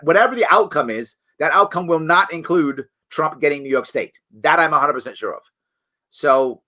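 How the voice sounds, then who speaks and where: Animated, bright-voiced male talk show host. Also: on the high side. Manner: emphatic, repeats "right?" and restarts. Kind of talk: live commentary answering viewer comments.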